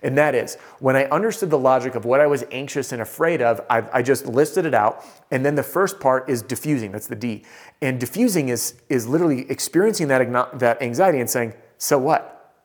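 A man giving a motivational talk as a sales coach, telling a story with animated delivery and shifting pace. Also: medium pitch, brisk.

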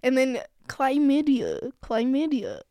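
A woman guest comedian in casual podcast banter, animated and quick to laugh, often rising into exclaimed disbelief. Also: sits high, dry recording, clean studio sound. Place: studio.

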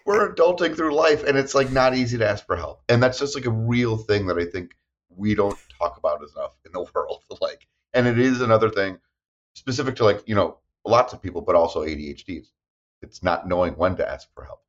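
A man's voice: lowish voice, expressive, brisk, muffled recording. A man therapist co-hosting a casual podcast chat, enthusiastic and reflective in a loose way.

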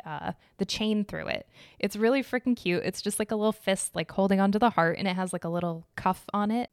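A woman's voice: mid-range voice, a little mellow, no echo, studio quality. A young woman hosting a casual solo podcast, chatty and enthusiastic, giggling and correcting herself as she goes. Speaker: podcast host.

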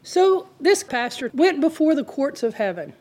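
A woman's voice: high voice, big pitch swings, moderate pace, darkish tone. Earnest woman preaching through a story. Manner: earnest, retells the story with quoted dialogue. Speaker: Christian teacher. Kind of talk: conversational sermon storytelling.

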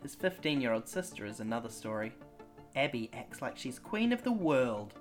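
A podcast host chatting casually and reading a gamebook aloud with playful, animated delivery. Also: mid-range voice, normal speed, faint music behind.

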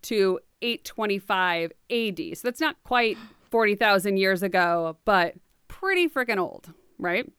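An American woman hosting a podcast, telling facts in a casual, jokey way with quick asides. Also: medium pitch, clear, resonant tone, dry recording, clean studio sound. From United States. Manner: animated, jokey storytelling with asides. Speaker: podcast host.

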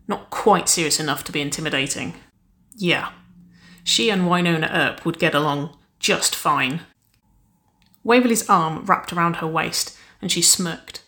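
A woman narrating a story aloud in a steady, even storytelling manner. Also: fairly low pitch. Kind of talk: audiobook reading of fan fiction.

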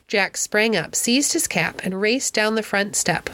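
A woman narrating a classic novel as an audiobook in a clear, steady storytelling voice. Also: medium pitch, a little slow, few pauses, no echo.

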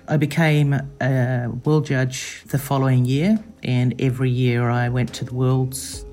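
A woman giving an interview, telling stories in a reflective way and slipping into lively voices when she quotes people. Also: a bass voice. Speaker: interviewee, former competition judge. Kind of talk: reflective storytelling.

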